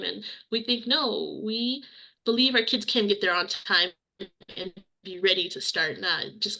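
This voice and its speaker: A young woman walks an online audience through her program's principles. Her voice is bright and forward, and she talks earnestly and personally, often circling back to the same phrases for emphasis. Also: medium pitch, moderate pace, low-quality recording. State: briefly emotional. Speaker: program presenter. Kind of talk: webinar presentation.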